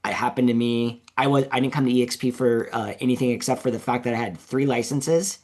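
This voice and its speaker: A man's voice: medium pitch, steady tone, fairly quick, a little mellow. A man hosting an interview show in a casual chatty way, leaning heavily on "like" as he talks. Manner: casual, fills speech with "like". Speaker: show host.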